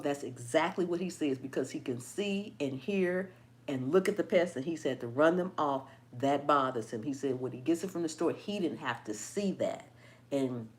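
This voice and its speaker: Animated, laughing woman gardening host. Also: low-pitched. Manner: laughs often, animated and playful. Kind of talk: casual live chat reading viewer comments.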